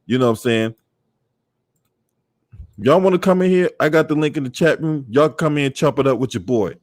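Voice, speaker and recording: A man livestreaming in casual chat, swearing freely, laughing often and shouting out viewers. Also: a little high, a little fast, no echo, studio quality.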